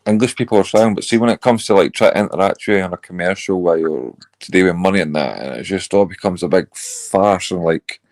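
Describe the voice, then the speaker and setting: A man's voice: sits low, fast talker, hardly any pauses, darkish tone. A blunt, sweary man with a Scottish accent, ranting in a casual panel chat. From Scotland. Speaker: panel caller.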